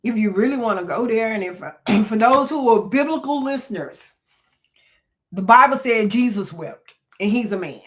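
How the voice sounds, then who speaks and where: This older woman's fairly high voice has lively intonation and moves at normal speed as she hosts an unscripted, motivating conversation on mental health. A therapist and podcast host, she sounds earnest and a little sermonizing, with regular "um"s and restarts.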